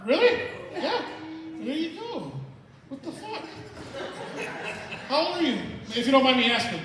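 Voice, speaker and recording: A stand-up comedian from El Paso, Texas, working the crowd with brash, profane teasing on a theater stage. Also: male voice, extremely high pitch, very animated, a little slow, over music. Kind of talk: stand-up set with crowd work. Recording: echoey theater hall from far off.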